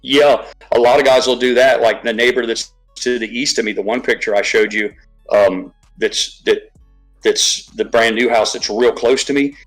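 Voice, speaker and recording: A man's voice: medium pitch, steady tone, moderate pace, a bit bright, faint music behind, poor audio. A man chatting casually on a live stream, rambling, swearing freely and restarting his sentences often. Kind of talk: casual chat.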